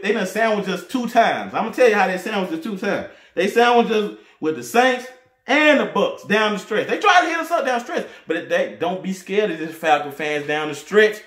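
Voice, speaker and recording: A man rattles off boastful fan predictions in a high voice. He laughs and shouts when he gets fired up. The room around him is echoey. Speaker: sports fan vlogger. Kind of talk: casual fan commentary to camera.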